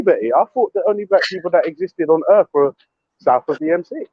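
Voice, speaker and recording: A man's voice: on the high side, lively intonation, fairly quick, mellow, husky, dry recording. A man hosting a live stream, teasing and sarcastic in casual chat. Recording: dull, dry, lo-fi online audio.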